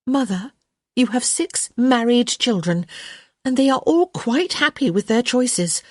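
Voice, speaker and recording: A woman's voice: on the high side, expressive, unhurried, dry recording, pitched above the performer's own voice. A woman voicing a stubborn young unmarried lady who answers her mother in a dry, teasing way. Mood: protesting.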